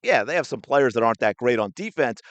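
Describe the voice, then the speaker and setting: A man's voice: medium pitch, expressive, quick pace, no room sound. A man hosting a sports podcast, ranting with indignant, sarcastic commentary while reacting to a clip.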